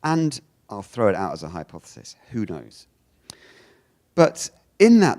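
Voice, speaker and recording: A man giving a theology lecture in a conversational, animated way, often repeating words and saying "you know". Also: low-pitched. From United Kingdom. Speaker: guest lecturer.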